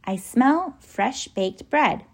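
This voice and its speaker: A woman's voice: a little high, lively intonation, extremely slow, darkish tone, husky, voice pushed up, heavily acted. A woman voicing an eager, curious young girl who asks questions in wonder, in a storybook reading.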